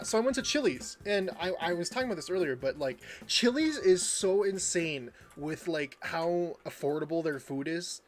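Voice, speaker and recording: Chatty streamer rambling on, lots of giggles, faint music behind. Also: mid-range voice. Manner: rambling, chatty, laughs often; greets chat viewers by name. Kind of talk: casual livestream chat while gaming.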